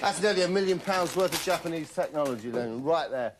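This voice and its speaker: A man delivers a deadpan comic monologue as a show's host, wandering from thought to thought and checking in with "right?" as he goes. His voice sits a touch high for a man. A faint hiss runs under the recording. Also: a little fast. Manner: rambling, keeps tagging lines with "right?". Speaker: comedy show host.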